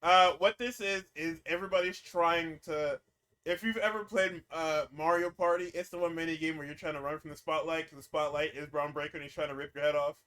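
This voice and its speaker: Man, podcast co-host, slightly high voice, very bright tone, casual profane recap, animated. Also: fairly quick, smooth. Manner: animated, acts out quotes, laughs often.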